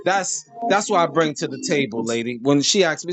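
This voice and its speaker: A man hosting a crude, mocking comedic rant to camera. He laughs at his own jokes and swings between high outbursts and a slow, low drawl. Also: sing-song, soft background music. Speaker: host.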